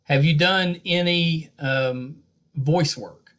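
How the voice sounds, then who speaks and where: A podcast host with a West Virginia accent conducts a casual interview, relaxed and joking around. His voice is a little high and his pace slow, and his phrases often trail off softly at the end.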